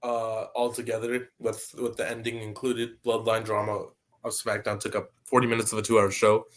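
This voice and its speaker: A man's voice: fairly low pitch, monotone, normal speed. A young man co-hosting a casual podcast chat, giving blunt, offhand opinions. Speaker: co-host.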